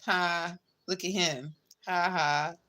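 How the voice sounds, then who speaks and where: A woman's voice: on the low side, fairly even intonation, slow, sharp tone. A woman giving a casual tarot reading, chatty and blunt, swearing freely and calling the listener babe and girl. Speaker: tarot reader.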